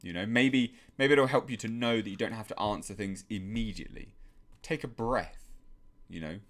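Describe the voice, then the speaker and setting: Calm and measured, this young English live-stream host works through viewer messages, reading them out and responding in his lowish voice.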